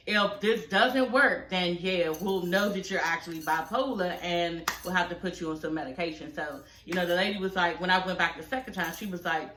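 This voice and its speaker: A woman's voice: lowish voice, bright, forceful tone, reverberant. A woman in her forties giving casual reaction commentary, telling a personal story candidly with lots of profanity and asides. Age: 40s. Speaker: reality show commentator.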